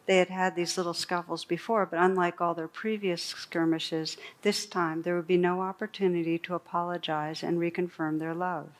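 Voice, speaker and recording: Woman, meditation teacher, dharma talk, gentle unhurried storytelling, low voice, flat steady pitch. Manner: slow, gentle storytelling with soft pauses. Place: meditation hall.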